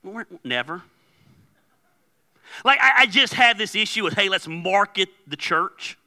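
A man's voice: high-pitched, lively intonation, measured pace, sharp tone. A male pastor preaching in a loose, conversational way, telling stories and acting out the dialogue. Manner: conversational storytelling with laughs and quoted dialogue. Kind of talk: sermon.

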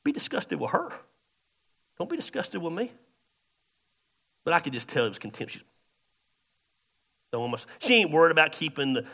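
A man pastor, telling a story in a sermon, shifting between loud outbursts and quiet asides. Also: a little high.

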